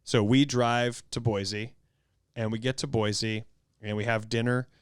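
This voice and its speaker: A smooth-voiced podcast host tells a story at a measured pace in a casual chat. He's animated and acts out quotes with big jumps in pitch, and the recording is clean studio sound with no echo.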